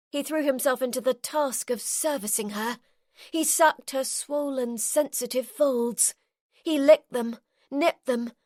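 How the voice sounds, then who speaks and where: A woman narrating a romance audiobook in a measured, intimate, softly expressive way. Her voice sits a little on the high side. The sound is dry and close-miked, with no room around it. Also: no room sound.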